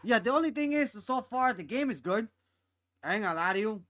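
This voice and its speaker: A man hosting a game stream, chatting loudly and excitably with plenty of swearing and laughter. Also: sits high, brisk, no room sound. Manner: loud, excitable and profane, laughs often. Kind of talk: casual gaming chat.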